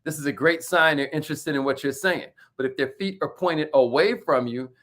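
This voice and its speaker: A man hosting a motivational talk, lively and emphatic, calling out to his audience like a preacher and repeating his key points. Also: fairly high pitch, fairly quick. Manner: preacher-like call-and-response with the audience. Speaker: motivational host.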